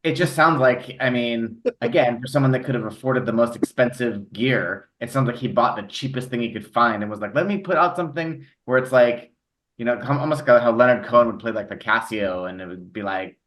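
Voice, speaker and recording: A man's voice: mid-range voice, a little fast, few pauses, fairly bright tone. A man on a music podcast in casual chat, blunt and opinionated.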